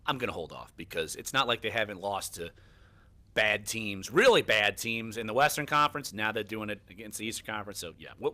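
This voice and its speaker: Bright-voiced sports radio man. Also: medium pitch. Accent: New Orleans. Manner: upbeat, teasing, promotes upcoming segments.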